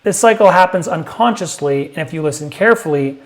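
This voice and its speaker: A man gives a sales lesson in a direct, emphatic way, hitting his points hard. His voice sits a little high for a man. Now and then he lifts it further to mimic a hesitant prospect. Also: expressive, brisk. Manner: emphatic, punchy, acts out prospect lines in a higher voice. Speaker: sales coach.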